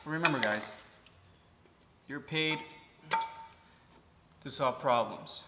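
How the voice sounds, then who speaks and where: A man's voice: medium pitch, slow pace, long reverb tail, over loud music. A man, a mechanic, chatting casually as he works in his repair shop, explaining each step and swearing now and then. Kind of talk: casual how-to vlog.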